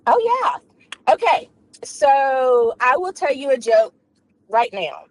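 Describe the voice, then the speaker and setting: A woman author in an interview, telling jokes in an animated way. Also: high voice, slow, dry recording, poor audio. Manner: animated joke teller.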